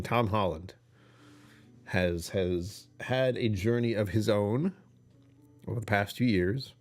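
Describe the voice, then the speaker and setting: Casting: young man, livestream host, low voice, chatty and rambling, self-amused. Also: gravelly. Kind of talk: casual livestream chat.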